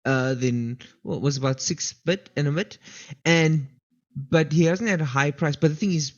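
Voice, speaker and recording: A man's voice: fairly high pitch, normal speed. A man from South Africa with a South African accent, co-hosting a podcast in casual football chat and explaining his points at length. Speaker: podcast co-host. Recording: dull lo-fi sound.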